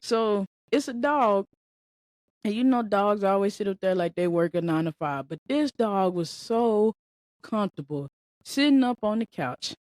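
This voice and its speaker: A woman hosting a podcast in a casual, slangy monologue, talking in an animated way and laughing often. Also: medium pitch, moderate pace, no echo. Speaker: podcast host.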